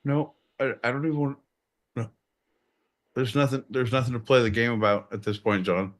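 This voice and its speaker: A man's voice: mid-range voice, fairly even intonation, moderate pace. A man co-hosting a podcast, bantering casually, swearing and teasing with exasperation. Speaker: podcast co-host.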